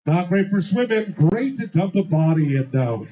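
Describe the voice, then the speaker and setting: A man's voice: high-pitched, animated, normal speed, mellow. A man hosting a live trivia night, reading out answers with a teasing, sarcastic manner. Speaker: trivia host. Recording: dull lo-fi sound.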